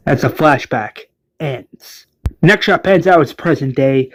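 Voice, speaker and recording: A man's voice: on the high side, unhurried, fairly bright tone, a little hiss or hum. A man casually narrating a recap of his own fan-made series. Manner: casual, loose, filler-heavy.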